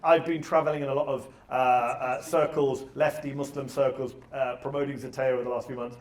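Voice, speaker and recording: A man moderating a live panel discussion in a theater, talking fast and energetically with self-deprecating asides. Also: mid-range voice, flat delivery, far from the mic. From Britain. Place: theater stage.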